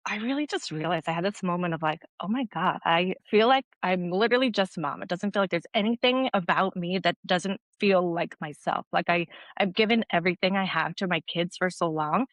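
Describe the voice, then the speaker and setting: A woman's voice: fairly low pitch, a little fast, hardly any pauses, fairly bright tone, no room sound. A woman in her thirties, a nurse guest on a podcast, telling her personal story earnestly with lots of "like" fillers. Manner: earnest, heavy use of "like" as filler. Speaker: guest, registered nurse and mom educator.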